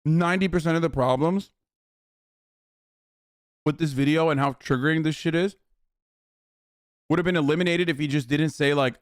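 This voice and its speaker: Furious high-pitched man ranting hard. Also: animated, moderate pace, long pauses, no echo, clean studio sound. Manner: angry, swearing, often shouting in disbelief. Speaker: streamer reacting to a video. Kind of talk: heated profane rant.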